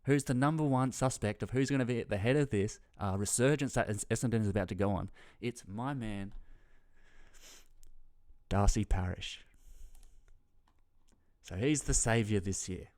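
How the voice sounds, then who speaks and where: A young adult man with an Australian accent talks footy in a loose solo vlog. His voice sits a little low. He rambles, swears a lot and trails off when he loses his thread. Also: normal speed, pauses often, darkish tone. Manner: rambling and heavily profane, loses his train of thought. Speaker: footy tipping vlogger. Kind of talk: casual solo commentary.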